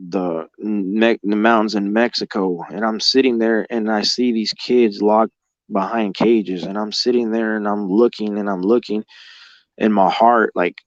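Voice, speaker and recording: A man's voice: lowish voice, steady tone, a little slow, no room sound, muffled recording. A man telling his own story as a guest, rambling and emotional, swearing heavily and filling gaps with "like". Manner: heavy swearing, rambling, emotional, with lots of fillers like "like". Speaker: guest recounting experiences. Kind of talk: casual spoken storytelling.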